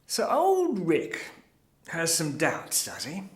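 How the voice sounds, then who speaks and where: A man's voice: on the high side, huge pitch swings, slow pace, exaggerated voice. A man playing a showy Australian crusade leader. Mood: showy, chatty. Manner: chatty, theatrical, addresses audience directly. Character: showy middle-aged male crusade leader, evasive. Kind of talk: theatre monologue. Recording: roomy, echoey.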